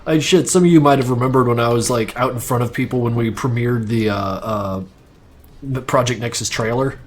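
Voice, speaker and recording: Young man, livestream chatter, rambling, profane, self-mocking, medium pitch, faint desk noise. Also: fairly quick. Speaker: streamer animating on stream. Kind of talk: casual livestream chat.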